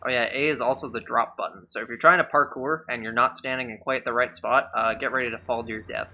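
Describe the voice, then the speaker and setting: A man's voice: mid-range voice, fairly even intonation, fast, sharp tone. A man giving casual gameplay commentary during a speedrun, chatty, sarcastic and rambling.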